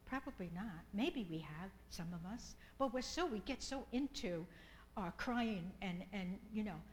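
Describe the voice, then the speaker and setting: A middle-aged woman preaching in an unhurried, drawn-out way, repeating her phrases with fervor and at times sinking to a hushed whisper. Her voice sits at an ordinary pitch, and a faint hum runs beneath it. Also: expressive, rough recording. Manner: fervent, repeats phrases, drops to soft whispers in prayer. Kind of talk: sermon.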